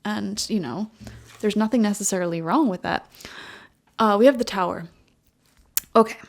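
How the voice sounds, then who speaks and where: A woman's voice: medium pitch, normal speed, gravelly. Young woman, tarot reader, casual chatty talk, lots of fillers. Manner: chatty, full of "like" and "you know". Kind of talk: casual pick-a-card tarot reading.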